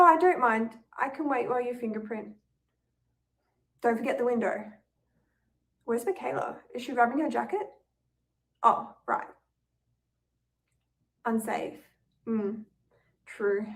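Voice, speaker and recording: A woman's voice: on the high side, far from the mic. A young woman reading her own first-person story as a tense, anxious inner monologue. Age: young adult.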